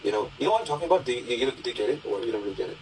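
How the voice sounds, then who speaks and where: A man chatting casually in a clip, halting and stumbling over filler words. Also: mid-range voice, animated, a crowd in the background, rough recording. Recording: clip with clear background noise.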